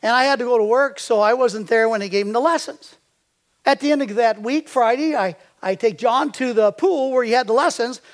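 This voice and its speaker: A man's voice: very high voice, fairly quick. An older man preaching a sermon as a pastor. He tells stories and quizzes the congregation with fill-in-the-blank questions.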